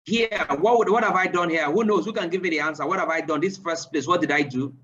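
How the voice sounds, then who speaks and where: Animated man teaching on a lo-fi call. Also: fast talker, distant mic, a little hiss or hum. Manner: quizzes listeners with repeated questions; animated, rising pitch when excited. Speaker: online sales trainer. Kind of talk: live online training session.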